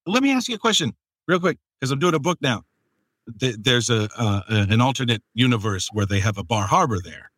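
A podcast host who also produces audiobooks interviews a guest in a casual chat, rambling with many fillers and laughing often. His medium-pitched voice is brisk, a bit bright, and lively in intonation, in a dry recording.

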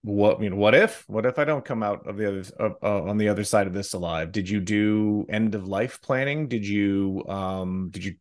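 A man hosting a podcast, asking interview questions in a halting way and rephrasing them with many ums. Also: fairly low pitch. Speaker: podcast host.

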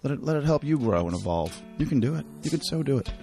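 A man's voice: mid-range voice, big pitch swings, fast talker, over music. A Canadian man hosting a podcast, chatting casually and poking fun at himself, with lots of fillers. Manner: chatty, self-mocking, many fillers. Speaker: podcast host. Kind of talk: casual chat.

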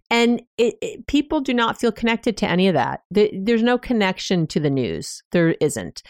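A couples therapist hosts her own solo podcast, speaking in a lowish voice on a dry, studio-quality recording. She gives relationship advice conversationally and through anecdotes, with small laughs and restarts.

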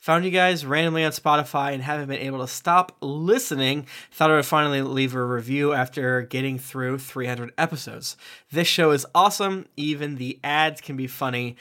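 A man's voice: a little high, moderate pace, bright, forceful tone. A man hosting a podcast, reading listener reviews aloud in a playful, joking way. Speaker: podcast host.

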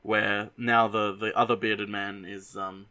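Animated young man retelling a movie. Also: lowish voice, unhurried. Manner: animated storytelling, swearing, many restarts. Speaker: host. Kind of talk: casual movie recap.

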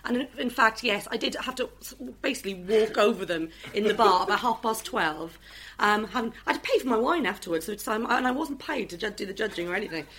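A woman's voice: medium pitch, expressive, fast, crowd noise. A woman with a Welsh accent chatting casually and rambling, with many ums and restarts. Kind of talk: casual chat.

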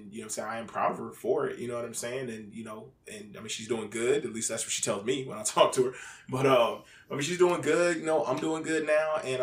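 A man's voice: mid-range voice, a bit bright. A man in casual, candid chat, full of fillers and swearing freely. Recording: roomy echo.

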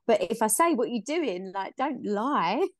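A woman's voice: a little high, lively intonation, measured pace, no room sound, clean studio sound. A woman co-hosting a podcast in casual chat, frank, with hesitant restarts. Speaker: podcast co-host.

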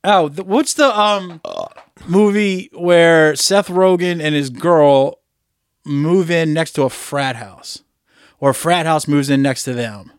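Male podcast co-host with a slightly high voice, loose and profane, acting out film quotes. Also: slow, smooth, no echo, studio quality. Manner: animated storytelling, swearing, acting out movie lines. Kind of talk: casual chat.

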